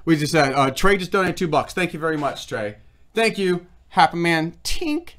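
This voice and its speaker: A man's voice: fairly high pitch, animated, brisk, a bit bright. A man hosting a snack-tasting livestream, rambling and reading product labels aloud in casual chat. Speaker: food review livestream host.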